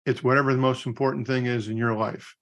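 A man's voice: mid-range voice, fast talker. Gray-haired man telling stories. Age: middle-aged. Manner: storytelling, animated quotes. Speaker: podcast co-host. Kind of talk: casual chat.

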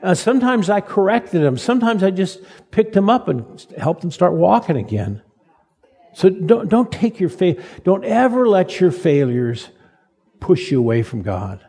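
This older pastor preaches with big pitch swings, folksy and halting, restarting his phrases and joking at his own expense. His mellow, slightly husky voice is fairly high for a man, and the reverberant hall gives it a long, sanctuary-like ring.

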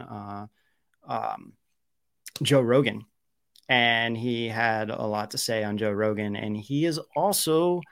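Young male live-stream host, gravelly, dry close sound, rambling delivery. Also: medium pitch, no echo. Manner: rambling, many fillers and restarts. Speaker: show host. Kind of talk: casual live-stream talk.

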